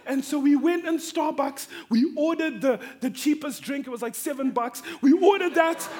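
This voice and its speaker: A man from Africa preaching a sermon through a personal story, animated and swinging between hushed tones and excited shouting. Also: very high-pitched, normal speed.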